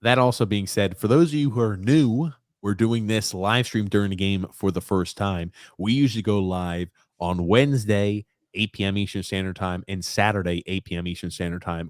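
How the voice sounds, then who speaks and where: Co-hosting a live hockey watchalong podcast, a New York-accented man with a fairly low voice speaks at normal speed, ribbing his co-host and reading out viewer comments. Clean studio sound, no echo.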